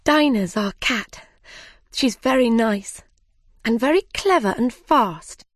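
A woman reading aloud, voicing a fretful young girl in a storybook with a high, excited tone. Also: slow, no echo, clean studio sound. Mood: eager.

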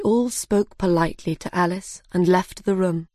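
A woman narrating a children's storybook with a slow, simple, careful reading. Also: on the low side, darkish tone, no room sound, studio quality.

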